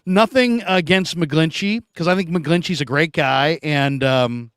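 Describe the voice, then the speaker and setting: Male sports host, chatty, slightly high voice, dry close sound. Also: a little slow, fairly bright tone, clear, resonant tone, no room sound. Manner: chatty, reads viewer comments aloud. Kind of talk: casual sports talk.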